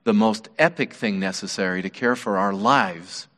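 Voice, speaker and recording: A man preaching a sermon as pastor, earnest and measured, his voice dropping softly on key words. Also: fairly low pitch, fairly even intonation. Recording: long reverb of a large hall.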